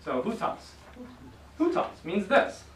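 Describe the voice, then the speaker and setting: Lively man teaching in an echoey classroom. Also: high-pitched, slow. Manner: upbeat, drills students with call and response. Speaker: Greek teacher. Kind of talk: classroom lesson. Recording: echoey room from far off, faint noise.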